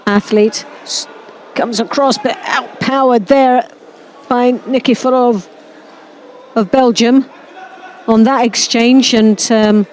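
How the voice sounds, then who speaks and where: A woman's voice: fairly high pitch, a little mellow, a little hiss or hum, low-quality recording. A woman co-commentating live on a judo event, enthusiastic and chatty. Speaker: sports commentator.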